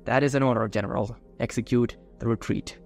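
A man's voice: medium pitch, steady tone, fairly quick, vocal fry, a little mellow, soft background music, lightly acted. A man voicing a cold, calculating older male Sith count in a fan-fiction narration, clipped and commanding.

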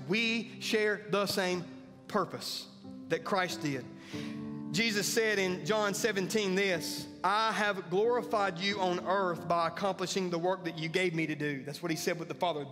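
Brief: male pastor, high voice, earnest sermon, echoing church hall, faint music under. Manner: earnest, rising to emphatic peaks. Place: church sanctuary.

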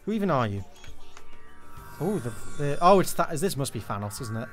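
Excitable man streaming games. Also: mid-range voice, normal speed, soft background music. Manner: excitable, swearing, jokey running commentary. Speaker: game streamer. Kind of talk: live gameplay commentary.

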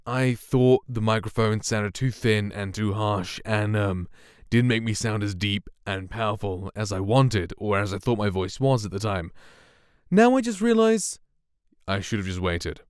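A man around twenty, a streamer and voice actor, reviewing a microphone in a relaxed, rambling, soft-spoken way, close to a studio condenser mic. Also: lowish voice, moderate pace, clean tone, no echo. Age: 20s.

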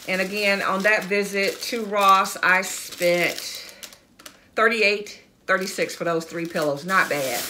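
With a sharp tone at medium pitch, a middle-aged woman vlogs about fashion, talking casually and enthusiastically through a shopping haul. She calls her audience y'all and guys, and a little hiss or hum runs underneath.

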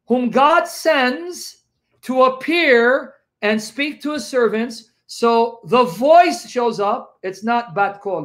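A man speaking as a guest apologist on a livestream, teaching emphatically and slowing down to repeat key phrases. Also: sits high.

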